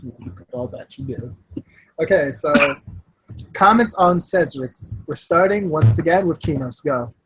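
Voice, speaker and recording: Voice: medium pitch, lively intonation, a little slow, fairly bright tone, slightly rough, low-quality recording. A podcast host steering a casual group chat on a call, brash and joking, moving the discussion from one topic to the next.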